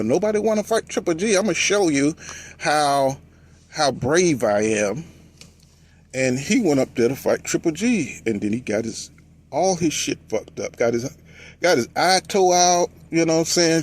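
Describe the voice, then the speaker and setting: Husky guy ranting about boxing, pitch jumping all over, doing goofy voices for the people he quotes. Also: moderate pace. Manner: animated storytelling, acts out quotes in mocking voices. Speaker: boxing commentator. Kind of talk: casual boxing talk.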